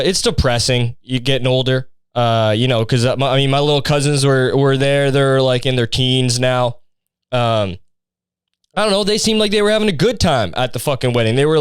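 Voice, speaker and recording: A young man rambles through a sarcastic, profane comedy monologue as a podcast host. His voice is smooth and clean. It is recorded close and dry. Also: medium pitch, no echo.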